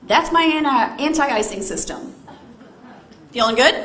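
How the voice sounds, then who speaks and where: Animated woman telling a story on stage. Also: sits high, measured pace. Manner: animated, asks the audience questions. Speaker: motivational speaker. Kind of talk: keynote storytelling to a live audience. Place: large event hall. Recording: echoey hall with faint noise. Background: audience responses.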